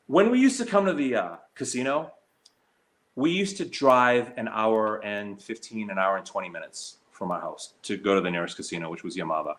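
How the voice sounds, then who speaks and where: Heated, stammering man streamer. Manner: heated, hurt, stammering with many fillers; mocks others in a shrill high voice when quoting. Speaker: slots streamer. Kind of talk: emotional live stream talk.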